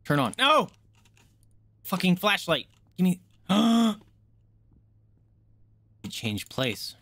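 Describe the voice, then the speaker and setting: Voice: mid-range voice, very animated, very slow, vocal fry, no room sound. A streamer doing live horror gameplay commentary, jumpy and swearing a lot, shrieking at scares and talking straight to the chat. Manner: talks to chat directly.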